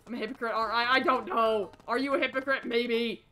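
A woman streaming a video game, muttering to herself and shouting in confused frustration. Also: on the high side, fairly even intonation, fast, few pauses. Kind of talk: casual gaming stream commentary.

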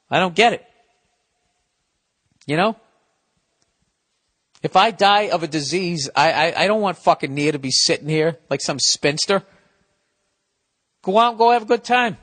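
A middle-aged man hosting a podcast, ranting in a casual comedic way, swearing freely and swinging between loud outbursts and low mutters. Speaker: podcast host.

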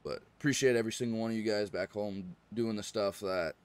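A man streaming a farming game, chatting casually and rambling, often clearing his throat. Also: fairly low pitch, fairly quick. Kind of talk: casual live-stream chat.

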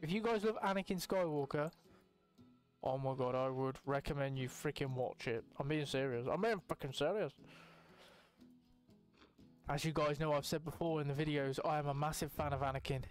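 Excitable young man, fairly high voice. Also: brisk, soft background music. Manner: excitable, rambling, swears casually. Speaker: gaming YouTuber. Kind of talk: casual let's-play commentary.

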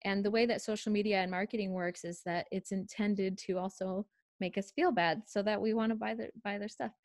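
A woman's voice: mid-range voice, steady tone, fairly quick, a little mellow, no room sound, studio quality. A woman hosting a podcast conversation, agreeable and supportive as she talks about parenting. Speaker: podcast host.

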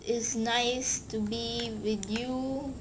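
A woman vlogger giving a halting, emotional thank-you to a friend, searching for her words. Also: a little high, fairly even intonation, background noise. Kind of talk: heartfelt thank-you vlog.

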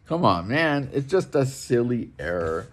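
A man's voice: mid-range voice, very animated, a little slow. A middle-aged man ranting alone in a room at home, blunt and profane, repeating himself as he talks. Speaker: vlogger. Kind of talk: ranting monologue to camera.

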